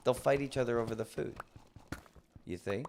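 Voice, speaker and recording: A man streaming a game live, chatting and ranting playfully with mock indignation and sudden excited outbursts. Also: moderate pace, a little hiss or hum. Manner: jumps to high excited outbursts. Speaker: livestreamer. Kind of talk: live gameplay commentary.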